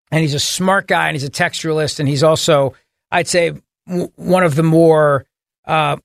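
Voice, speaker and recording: A man's voice: fairly high pitch, creaky, a bit bright, dry recording. A man hosting a talk radio show in a studio, opinionated and jokey, talking emphatically. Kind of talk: casual talk radio banter and commentary. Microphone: studio microphone.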